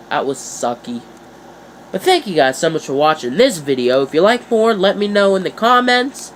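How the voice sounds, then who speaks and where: A teenage boy vlogging in a casual, chatty way, playful and animated, jumping up in pitch for emphasis. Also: normal speed, slight background noise. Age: teens. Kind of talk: casual chat to camera.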